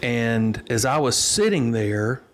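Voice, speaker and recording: A middle-aged pastor with a drawl tells his story slowly and earnestly, picking up again after small restarts. His voice sits at an ordinary pitch for a man and sounds plain and natural. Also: expressive, a little hiss or hum. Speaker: pastor and interview guest. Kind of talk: storytelling in a casual interview.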